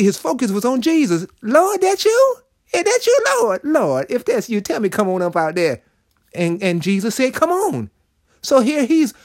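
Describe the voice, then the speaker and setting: A man with a high voice preaches in a relaxed, folksy way, slipping into animated voices when quoting. The recording is dry and close, with no room sound. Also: no room sound. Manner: folksy, conversational preaching with dramatic quoted voices. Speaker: preacher and show host. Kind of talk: short inspirational Bible talk.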